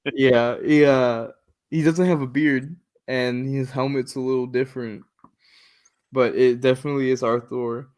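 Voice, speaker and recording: Man, podcast co-host, casual plot recap, acts out quoted lines, mid-pitched voice. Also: a little slow, long pauses. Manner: animated retelling with quoted lines.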